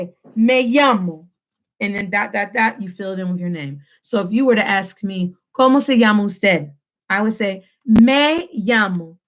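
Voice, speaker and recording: In a home-recorded language lesson, a woman with a medium-pitched voice teaches Spanish, slowly drilling phrases for listeners to repeat back. She mixes English and Spanish within the same sentence.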